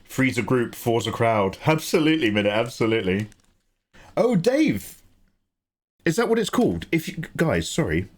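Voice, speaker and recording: English male streamer, chatty and loose, pitch bouncing all over; casual host talk. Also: normal speed. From England. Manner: chatty, animated, swears and laughs easily. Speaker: livestream host. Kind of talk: casual livestream chat.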